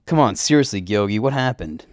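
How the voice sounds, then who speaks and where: A man voicing an insecure, easily excited young man who asks questions in quick disbelief. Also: fairly low pitch, dry recording, clean studio sound, voice pushed up, natural voice. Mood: confused. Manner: eager, raises voice in disbelief.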